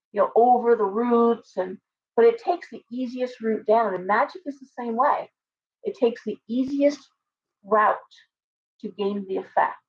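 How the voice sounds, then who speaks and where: Woman, livestream tarot host, chatty and animated, slightly high voice, lo-fi webcam sound. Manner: animated, talks with lots of restarts and asides to viewers. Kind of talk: casual livestream chat. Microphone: webcam with ring light. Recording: slightly dull lo-fi stream audio.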